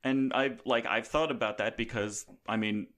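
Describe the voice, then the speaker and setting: A man's voice: mid-range voice, fairly even intonation, moderate pace, a bit bright. A man hosting a casual podcast chat, rambling with many restarts and fillers. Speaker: podcast host.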